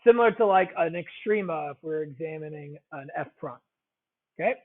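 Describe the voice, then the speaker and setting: High-voiced man teaching math, tinny sound. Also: lively intonation, fairly quick. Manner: conversational, repeats key phrases, checks in with students. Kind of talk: classroom math lecture. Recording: tinny phone-like audio.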